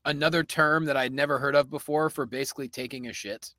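A man's voice: medium pitch, steady tone, fast talker, pushed and bright, no room sound, clean studio sound. A man from Pennsylvania co-hosting a casual comedy podcast, telling rambling stories and laughing often. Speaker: podcast co-host.

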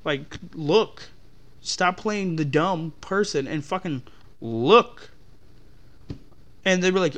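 A man's voice: high-pitched, lively intonation, slow, fairly bright tone. A young man hosting a podcast, ranting in a profane, exasperated way. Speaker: podcast host. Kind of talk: ranting about customers.

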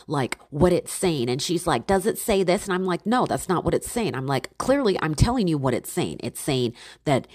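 Low-voiced woman ranting in exasperation. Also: dry recording, clean studio sound. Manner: exasperated, animated, acts out her own quotes. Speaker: storyteller. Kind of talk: casual storytelling rant.

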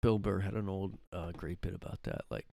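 This podcast host talks alone from his home room in a rambling way, stuffed with fillers and self-corrections and broken up by laughter. He has a low, mellow voice with vocal fry and a brisk delivery.

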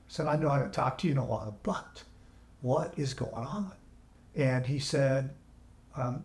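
Earnest male podcast guest, halting emotional storytelling, roomy audio. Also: mid-range voice, a little mellow. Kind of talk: candid storytelling. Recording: echoey room, AI-salvaged audio.

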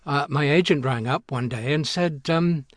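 A man in his seventies, an actor being interviewed, telling an anecdote in a halting way with many restarts and fillers. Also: on the high side, dry recording, clean studio sound. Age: 70s. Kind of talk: reminiscing anecdote.

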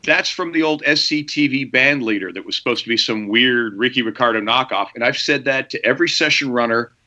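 A man's voice: medium pitch, fairly quick, dull audio. A man who works as an actor, telling a story in casual chat. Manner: storytelling, animated.

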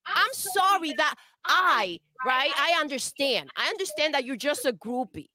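Fiery high-voiced woman ranting. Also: animated, a little slow, bright, forceful tone, no echo, studio quality. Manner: fiery, profane, emphatic. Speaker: co-host. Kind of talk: heated gaming rant.

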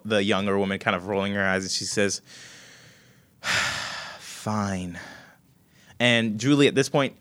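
A man's voice: lowish voice, a bit bright. A man narrating as game master, hesitant and full of fillers.

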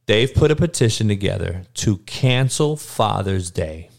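A man ranting casually to his viewers, heated and profane, with slangy talk and stuttered restarts, dropping to low mutters and then bursting out loud. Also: lively intonation, a little slow, gravelly. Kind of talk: casual profane rant to camera.

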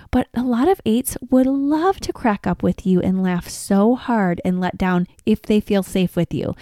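Warm-voiced upbeat woman podcast host. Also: medium pitch, smooth, no room sound, clean studio sound. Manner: upbeat, encouraging, chatty. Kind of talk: casual advice podcast.

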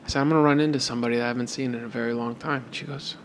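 A man co-hosting a podcast, telling a story in a casual, animated way and acting out both sides of the conversation. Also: mid-range voice, rapid-fire, heavy background noise. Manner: animated retelling with repeated "and I'm like". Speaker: podcast co-host.

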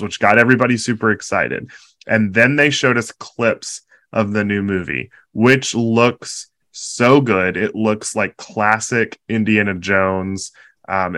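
Emotional, excited man telling a story. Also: on the low side, no room sound. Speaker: podcast co-host. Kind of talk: casual chat.

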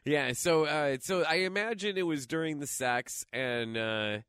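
A man's voice: a little high, unhurried, fairly bright tone, clean tone, no echo, clean studio sound. A man co-hosting a podcast, recapping a film in crude, joking banter, full of swearing and fillers. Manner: profane, laughing, joking, trailing off with fillers. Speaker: podcast co-host.

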